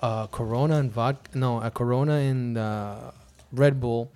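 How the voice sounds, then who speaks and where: In a moderately paced, medium-pitched voice, a man on his podcast recounts a night out in a relaxed, chatty way. He animatedly voices the quotes, playing himself and the others involved.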